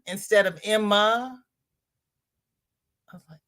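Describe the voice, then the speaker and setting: Slow-talking chatty woman. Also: mid-range voice, fairly even intonation, fairly bright tone, clear, resonant tone. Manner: chatty, rambling, laughs often, reads comments aloud. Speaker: crochet channel host reading live chat. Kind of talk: casual livestream chat.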